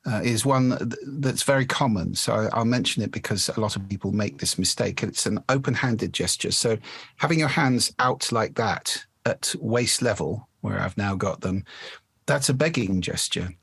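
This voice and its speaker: A man with a somewhat low, husky voice speaks as a guest coach on a podcast. He explains voice technique patiently and demonstrates different resonances as he goes. The sound is dry and close. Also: moderate pace, a bit bright, no echo. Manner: demonstrative, shifts resonance to show voice placement.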